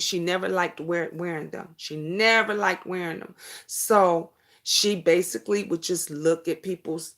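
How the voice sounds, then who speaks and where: A woman in her fifties hosting a casual live stream, chatting and answering viewer comments. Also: lowish voice. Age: 50s.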